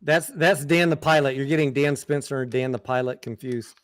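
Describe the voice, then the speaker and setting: A man's voice: medium pitch, steady tone, a little fast, dry recording, clean studio sound. A man hosting a casual live stream, reading chat aloud in a laid-back, joking way.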